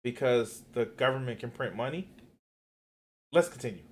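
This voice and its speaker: A man streaming live, reacting to a video with heated, profane, animated commentary. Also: mid-range voice, moderate pace.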